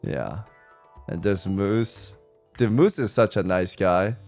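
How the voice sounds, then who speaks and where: A man's voice: deep voice, takes it slowly, vocal fry, soft background music. A young man from California, a streamer, telling stories from a trip in a casual, slangy way, swearing now and then and imitating his friends. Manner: animated, slangy, swears, mimics friends in quotes. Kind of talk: casual storytelling vlog.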